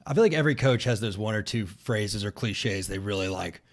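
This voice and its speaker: A man's voice: on the low side, animated, fairly quick, a little hiss or hum. A man in his thirties hosting a live Q&A, talking loosely and rambling with lots of fillers. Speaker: podcast host. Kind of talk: casual live Q&A chat.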